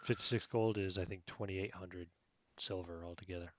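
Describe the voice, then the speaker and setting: A man's voice: sits low, fairly even intonation, normal speed, bright, forceful tone. Laid-back man running a tabletop game. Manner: casual, laughs often, stumbles over numbers. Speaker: game master.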